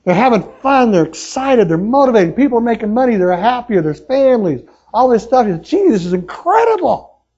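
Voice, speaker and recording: High mellow guy hyping up a sales crowd, pushy questions, muffled lo-fi live tape. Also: a little fast, hardly any pauses. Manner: excitable, pushy, talks straight to the crowd with questions. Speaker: motivational speaker at a sales meeting. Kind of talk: energetic live seminar talk.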